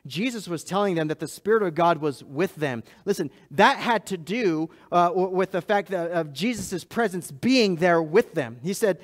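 Speaking straight to his congregation, a man preaching as church pastor is emphatic and repetitive, swinging between loud and quiet lines. He has a high, expressive voice at normal speed with few pauses, and he laughs at himself.

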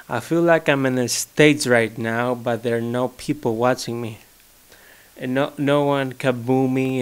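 Slow-talking young Greek-accented man. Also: mid-range voice, clean tone. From Greece. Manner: rambling, joking, searches for words. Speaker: vlogger. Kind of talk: casual solo monologue. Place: his home.

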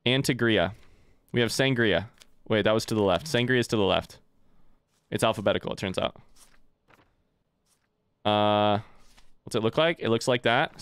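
A man's voice: mid-range voice, a bit bright, clear, resonant tone, no echo. A young man doing live let's-play commentary, chatting with viewers and reading game text aloud.

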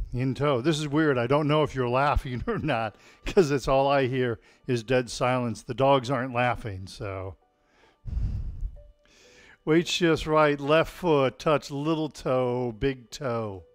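Slow-paced man cueing tai chi. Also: mid-range voice, no room sound, faint music behind. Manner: calm cueing of movements mixed with deadpan puns. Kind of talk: live-streamed exercise class with jokes. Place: home, alone without a live audience.

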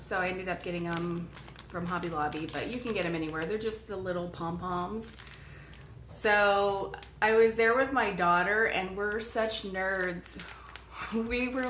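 A woman's voice: medium pitch, fairly bright tone, slight background noise. A woman hosting a casual live craft stream from home, chatting along and greeting viewers by name as she works. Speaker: craft livestream host. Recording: echoey room.

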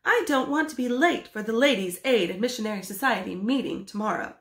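A woman reads aloud as a fussy, practical housewife from a storybook, scolding and exclaiming in a high, lively voice. The reading bounces around an echoey room. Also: a little fast.

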